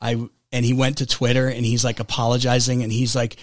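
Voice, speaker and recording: A man's voice: medium pitch, little pitch movement, fast talker, hardly any pauses, no room sound. A man talking casually as a podcast co-host, his mid-range voice recorded close and dry. He rambles, circles back and restarts his sentences, leaning on fillers as he thinks aloud. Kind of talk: casual chat.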